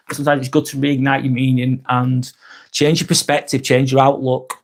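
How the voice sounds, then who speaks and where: A man's voice: mid-range voice, flat delivery, brisk, a little hiss or hum. A man hosting a live vlog, talking frankly and earnestly, swearing often and restarting his sentences. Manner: earnest and sympathetic. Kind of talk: casual live-stream chat.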